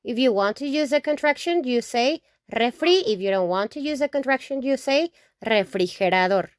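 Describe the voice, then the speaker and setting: A woman from Mexico teaching vocabulary, saying each word slowly several times and checking in with "okay?". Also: on the high side, expressive, no room sound, studio quality. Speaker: Spanish teacher. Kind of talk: slow, repetitive vocabulary lesson.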